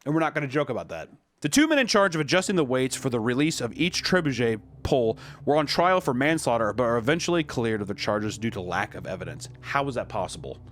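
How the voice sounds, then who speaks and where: A young man hosting a comedic commentary, casual and animated, swearing freely. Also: mid-range voice, quick pace, slight background noise. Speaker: host.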